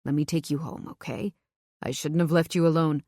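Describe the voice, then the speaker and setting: A woman's voice: fairly even intonation, a little fast, a little mellow, no room sound, clean studio sound. A woman reading the lines of a protective, commanding young man in an audiobook, in a blunt, concerned way. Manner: blunt, concerned, low-key. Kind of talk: audiobook character voice.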